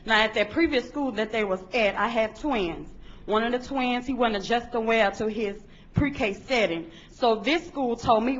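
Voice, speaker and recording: A woman's voice: a little high, moderate pace. A woman, a parent speaking plainly and earnestly in public testimony at a board meeting. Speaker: parent giving public comment. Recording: dull lo-fi meeting recording.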